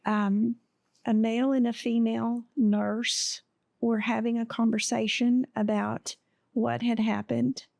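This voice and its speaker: A woman guest on a podcast telling a personal story in a slow, halting way, with many pauses and fillers. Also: a little high, flat delivery, vocal fry, darkish tone, no echo, studio quality.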